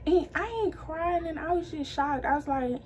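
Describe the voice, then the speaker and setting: A young woman with a high voice tells her own story to camera in loose, slangy chat, calling her viewers y'all. She brings the people she quotes to life as she goes. A faint hum sits behind her. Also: moderate pace.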